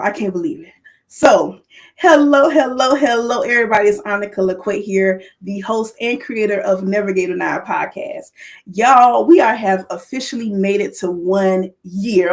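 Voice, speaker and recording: A woman hosting her podcast livestream, talking straight to viewers, lively and excited. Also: medium pitch, moderate pace. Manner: lively, excited, calls to the audience. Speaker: podcast host.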